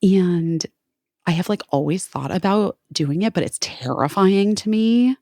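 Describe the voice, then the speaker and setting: A woman's voice: on the low side, lively intonation, measured pace, dark tone, no echo. A woman in her forties co-hosting a podcast, chatting casually and animatedly with frequent swearing and quoted voices. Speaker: podcast co-host. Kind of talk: casual chat.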